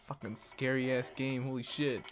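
A man giving casual, profane gameplay commentary, swinging between low mumbling and excited yelps. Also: normal speed. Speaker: game streamer.

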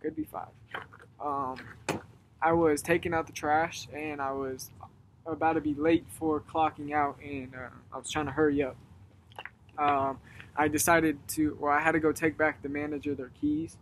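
A young man in casual chat outdoors, telling a story in a rambling way, getting animated when he retells it. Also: a little high, moderate pace, a little hiss or hum. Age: young adult. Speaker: guest. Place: outdoors at dusk.

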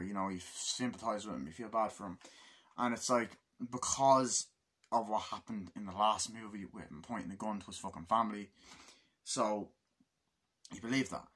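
A young man giving a casual spoken movie review, excited and swearing a lot, acting out scenes in a raised voice. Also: fairly low pitch, husky.

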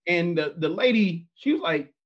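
A man guesting on his sister's podcast who tells rambling, animated stories and laughs as he talks. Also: fairly high pitch, a little fast, lo-fi sound. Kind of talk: casual storytelling.

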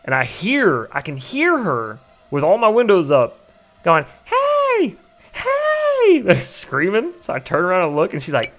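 A man's voice: on the high side, very animated, moderate pace, a bit bright. A man in his thirties hosting a casual livestream, telling a story with laughs and swearing. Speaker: livestream host.

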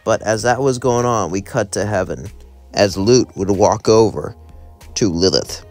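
A man's voice: fairly low pitch, a little slow, darkish tone, faint music behind. A young man telling a fan story in a rambling, casual way. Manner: rambling, run-on sentences.

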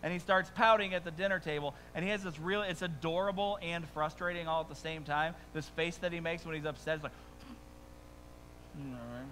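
A man's voice: fairly high pitch, fairly quick, sharp tone, in a large hall, a little hiss or hum, poor audio. A man preaching a sermon as pastor, talking conversationally with humorous stories and rhetorical asides.

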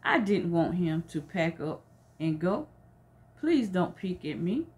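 A woman's voice: lowish voice, sing-song, slow, a little mellow. A woman voicing a kind little male meerkat in a children's storybook. She reads his lines earnestly. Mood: pleading.

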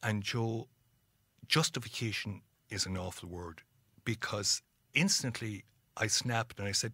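A middle-aged Irish man, a guest on an interview, tells stories in a husky, fairly low voice at an unhurried pace, with no room sound. He's an animated storyteller who acts out the voices of the people he quotes.

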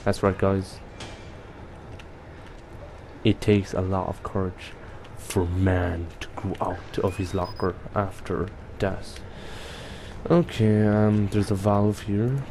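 A man's voice: low voice, steady tone, slow pace, darkish tone, a little hiss or hum. A young man playing a horror game and commenting to viewers, jumpy and swearing often. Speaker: gaming youtuber. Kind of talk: let's play commentary.

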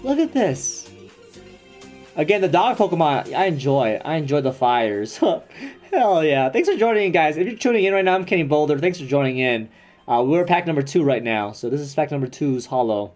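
A young man live-streaming a card pack opening, chatting excitedly with viewers and swearing casually. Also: a little high. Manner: excitable, swearing, quick asides to chat. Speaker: streamer opening trading cards.

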